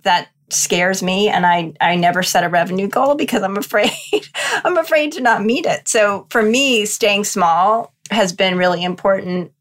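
A woman's voice: mid-range voice, moderate pace. A middle-aged woman speaking as a podcast guest in a candid, thoughtful and slightly self-deprecating way. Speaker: podcast guest, freelance marketer. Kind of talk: casual podcast interview.

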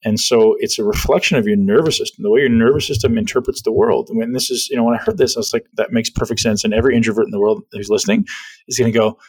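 A man's voice: mid-range voice, breathy edge, rough recording. A middle-aged man hosting a podcast, explaining ideas in casual conversation and often checking in with "right?". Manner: fast-talking, explanatory, peppers speech with "right?". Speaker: podcast host.

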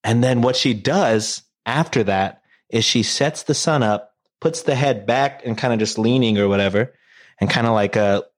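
A man's voice: mid-range voice, normal speed. A man casually retelling a story to friends, rambling and profane, full of fillers and jokes.

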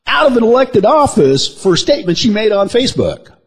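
Husky, lively comedic podcast man. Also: high voice, a little fast. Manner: rambling, mock-outraged, teasing. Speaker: podcast co-host. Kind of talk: crude comedic news chat.

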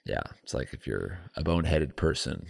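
A man's voice: rumbling low, expressive, moderate pace, gravelly, slightly rough, dry recording, studio quality. A man co-hosting a podcast in casual, joking chat, who breaks into silly put-on accents. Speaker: podcast co-host.

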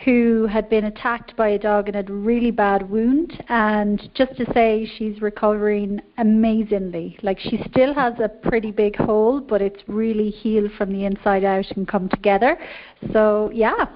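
A woman's voice: mid-range voice, fairly even intonation, normal speed, slight background noise. An Irish woman calling in to a show, chatty and upbeat. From Ireland. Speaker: caller. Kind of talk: casual phone-in chat. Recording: dull lo-fi call audio.

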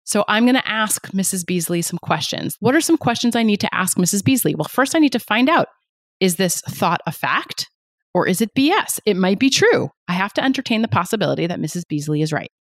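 A woman guest on a podcast, a pain psychologist explaining ideas in an energetic, emphatic way with lots of rhetorical questions. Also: medium pitch, brisk, dry recording, clean studio sound.

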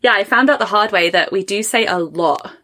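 A woman's voice: mid-range voice, a little fast, sharp tone. Chatty English woman podcast host. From England. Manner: chatty, laughs often. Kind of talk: casual conversational interview.

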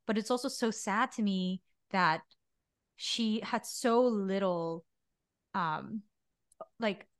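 A woman's voice: mid-range voice, slow, long pauses, smooth. A woman with a mid-range voice co-hosting a casual podcast. She responds with empathy and talks expressively, and the sound is close and dry with no room echo. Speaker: podcast co-host.

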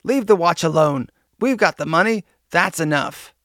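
A man doing a rough, hardened male robber. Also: on the high side, lively intonation, moderate pace, a bit bright, dry recording, studio quality. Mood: threatening. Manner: rough, passionate.

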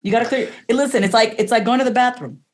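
A woman's voice: fairly high pitch, rapid-fire. Candid, emphatic woman coach. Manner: candid, emphatic, curses freely; acts out her own inner voice in quotes. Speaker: podcast guest, coach. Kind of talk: casual interview talk.

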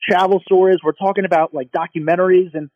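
A high-voiced man rattles through an excited anecdote at speed, gushing over every detail. The recording is dry and a little dull, like a lo-fi podcast mic. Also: fast, no room sound. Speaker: podcast co-host. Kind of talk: casual chat, storytelling.

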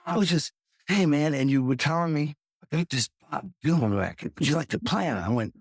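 A lively man hosts a casual chat, swinging his pitch widely as he tells stories. He acts out what others said in voices that jump high. His voice is fairly high and sounds dry and close. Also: a little fast, no room sound. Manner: animated storyteller, acts out quotes in high voices. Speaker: podcast host, drummer.

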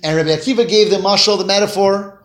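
A man teaching a Torah class to a small group, telling stories in an animated way with voiced quotes and Hebrew phrases. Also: high-pitched, quick pace. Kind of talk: informal class storytelling. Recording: echoey room.

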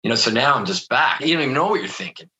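A man's voice: medium pitch, very animated, very fast, bright, forceful tone, low-quality recording. A middle-aged man from near Philadelphia telling a personal story in an interview, earnest and vivid, with frequent restarts. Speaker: guest telling his near-death story.

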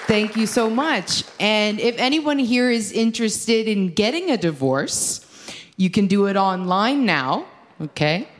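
Female stand-up, unhurried, chipper, faint crowd and noise behind. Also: mid-range voice, expressive. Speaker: stand-up comedian. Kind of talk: stand-up comedy set.

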